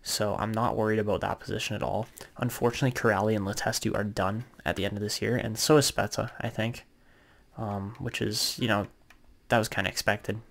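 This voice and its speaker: A young man with a fairly low voice and a gravelly, creaky edge talks through his game in a relaxed way. He thinks aloud and fills pauses with ums and uhs as he plans. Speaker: gaming YouTuber. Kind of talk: casual gameplay commentary.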